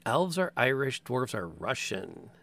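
Casting: a game master, mid-pitched and gravelly, chatty podcast host. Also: male voice, sing-song, unhurried, fairly bright tone, no echo. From American Midwest. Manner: chatty, rambling with tangents. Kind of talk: casual chat.

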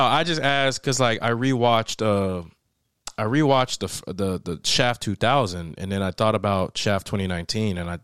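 A young man hosting a casual podcast chat, animated and laughing often as he acts out movie scenes. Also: sits low, no room sound, clean studio sound. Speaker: podcast host. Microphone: podcast microphone.

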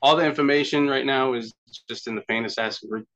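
A man's voice: medium pitch, quick pace, fairly bright tone, dull audio. A man co-hosting a casual podcast, teasing and joking, laughing often and swearing freely. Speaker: podcast co-host.

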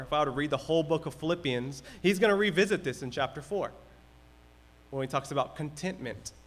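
High-voiced man preaching a sermon. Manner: conversational preaching, acts out everyday complaints. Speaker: pastor.

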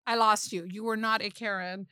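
A woman's voice: mid-range voice, steady tone, moderate pace, pushed and bright, clear, resonant tone, no echo, clean studio sound. A middle-aged woman chatting casually as a podcast guest, blunt and swearing, often restarting her sentences. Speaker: guest, mother-in-law.

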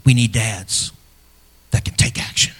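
A middle-aged man, a pastor, preaching a sermon in a church, earnest and personal, swinging from loud emphasis to hushed, near-whispered lines. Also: fairly low pitch, steady tone, measured pace, slightly rough. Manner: earnest and personal, speaking to fathers.

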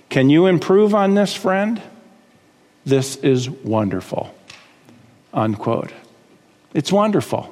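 A man's voice: mid-range voice, big pitch swings, a little slow, a little mellow, in a large hall. A man preaching a sermon as pastor, emphatic and full of rhetorical questions.

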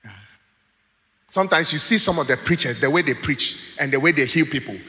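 Preacher guy, high bright voice, lively storytelling, big reverby hall. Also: brisk. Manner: animated, laughs while telling stories, acts out quoted voices. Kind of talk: sermon with storytelling.

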